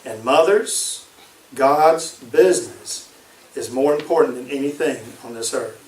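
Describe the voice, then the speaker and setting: A man's voice: medium pitch, a little slow, darkish tone, recorded from a distance. A man preaching a sermon, emphatic and repeating his key phrases. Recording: echoey room, voice from off-mic.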